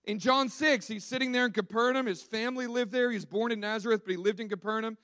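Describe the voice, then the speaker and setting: High-voiced man preaching in a chatty way. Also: fairly even intonation, quick pace, sharp tone, no echo. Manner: conversational, emphatic, repeats words as he restarts. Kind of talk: sermon.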